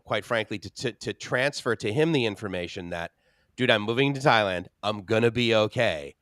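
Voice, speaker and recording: A man on a live stream, telling a personal story in an emphatic way. He stacks up phrase after phrase and list after list, at a middling pitch. His voice sounds close and dry, with no room around it. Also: a bit bright, dry recording. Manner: emphatic, piles up repeated phrases and lists. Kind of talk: casual chat, personal storytelling.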